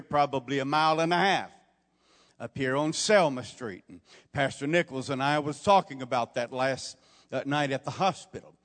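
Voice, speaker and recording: With a fairly high, somewhat bright voice, the older pastor tells folksy stories that swell into emphatic preaching. The sermon rings through a church sanctuary with long reverb.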